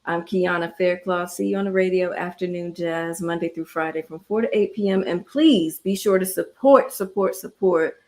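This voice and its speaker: A woman's voice: lowish voice, moderate pace, hardly any pauses, darkish tone. A woman hosting a jazz radio show, effusive and laughing often as she interviews a guest and signs off.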